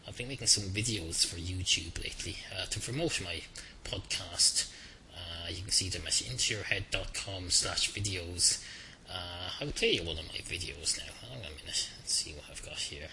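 A man's voice: deep voice, very animated, moderate pace, bright, forceful tone, slight background noise, low-quality recording. A man hosting his own podcast alone, rambling in a dry, self-mocking way with many fillers and restarts. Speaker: podcast host. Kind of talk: rambling solo podcast monologue. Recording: music clearly heard behind the voice. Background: background music.

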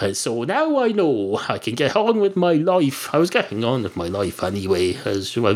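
A man telling a rambling improvised joke in a deadpan, meandering way, full of filler words. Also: fairly high pitch. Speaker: comedian telling a shaggy-dog joke. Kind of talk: rambling improvised comic monologue.

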